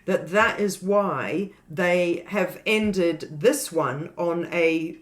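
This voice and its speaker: A woman co-hosting a film podcast, talking in a chatty, animated way with lots of asides. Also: lowish voice, drawn-out words. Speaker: podcast co-host. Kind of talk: casual film discussion.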